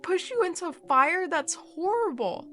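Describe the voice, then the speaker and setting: Woman doing a high tearful young woman, stuttering, pleading, gentle, horror storybook. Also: sing-song, a little slow, soft background music, exaggerated voice.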